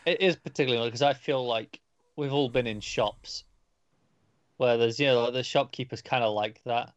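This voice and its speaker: A man talking casually as a podcast co-host, halting and repeating words as he thinks. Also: medium pitch, no echo. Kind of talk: casual chat. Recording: slightly dull, dry sound.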